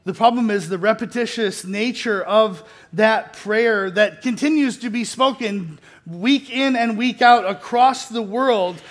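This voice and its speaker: A middle-aged man with a fairly high voice delivers a sermon as a pastor. He talks casually and pokes fun at himself, with easy restarts and a chuckle here and there. Then he leans into points with earnest emphasis. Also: measured pace, hardly any pauses. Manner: conversational, self-deprecating, with restarts and light laughs.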